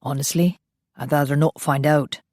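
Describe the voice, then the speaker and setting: Woman doing a protective vampire guard, low, terse, firm orders. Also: fairly even intonation, moderate pace, a little mellow, no room sound, clean studio sound.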